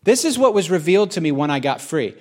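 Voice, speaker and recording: A man's voice: fairly high pitch, big pitch swings, fast talker. Man telling a candid sermon testimony. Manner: conversational and candid, with restarts. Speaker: pastor. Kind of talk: sermon-style personal testimony.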